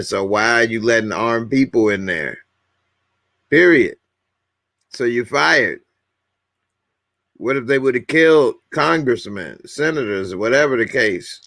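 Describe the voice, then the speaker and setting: A man's voice: medium pitch, bright, forceful tone, no room sound, studio quality. A man hosting a casual livestream, bluntly commenting and reading viewers' comments aloud. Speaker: livestream host.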